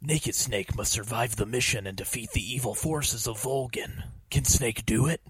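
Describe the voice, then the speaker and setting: A man's voice: mid-range voice, moderate pace, a bit bright, breathy edge, dry recording. A man hosting a podcast who reads a fan story aloud with mocking, exaggerated emphasis. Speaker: podcast host. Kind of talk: comedic dramatic reading.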